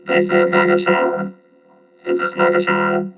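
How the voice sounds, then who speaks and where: A deep gravelly robot. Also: male voice, steady tone, a little slow, highs cut off, heavily acted. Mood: casual. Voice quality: gravelly, mechanical. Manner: casual streamer banter. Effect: voice changer. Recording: loud music behind.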